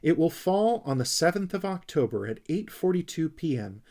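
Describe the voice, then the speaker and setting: A man's voice: on the high side, very animated, normal speed, mellow, voice pushed up. A man voicing a fussy, self-important young male Snork creature who talks in a bossy, pompous way.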